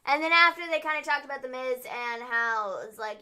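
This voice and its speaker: A woman's voice: sits high, lively intonation, a little fast, few pauses, pushed and bright. A young woman co-hosting a casual livestream recap, talking chattily with lots of fillers and acting out quotes in silly voices. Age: young adult. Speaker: wrestling show co-host.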